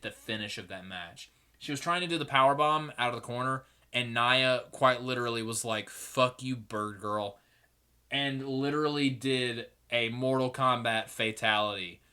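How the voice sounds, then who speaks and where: A man's voice: mid-range voice, bright, forceful tone. A young man hosting a solo podcast, giving rambling, opinionated commentary and swearing freely. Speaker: podcast host.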